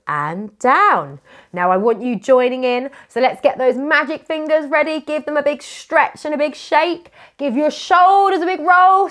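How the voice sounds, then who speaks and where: A British woman leads a children's phonics lesson. Her fairly high voice swoops up and down with lots of expression. She speaks slowly and clearly, coaxing little ones to join in. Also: a bit bright. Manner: sing-song, encouraging, slow and exaggerated for young children. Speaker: phonics teacher.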